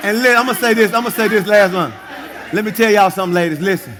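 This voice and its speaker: A male pastor preaching a lively sermon, shouting, laughing and acting out husbands and wives for his congregation. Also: high voice, fast, crowd noise. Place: church sanctuary. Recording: live church service with congregation audible. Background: congregation responding.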